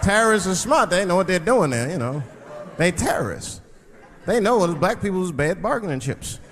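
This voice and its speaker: A man performing stand-up comedy, telling stories in a wry way and swinging between loud and low delivery. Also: big pitch swings, moderate pace. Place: theater stage with audience. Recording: live stage mic with crowd laughter.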